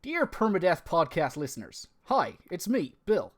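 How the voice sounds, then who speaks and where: A man with a high-pitched, sing-song, pushed-up voice reads at normal speed from a friend's comic game review script, using a put-on West Country accent. Mock-grand and amused, he stumbles over mild fake swears while voicing the absent male co-host, a mock American turned West Country.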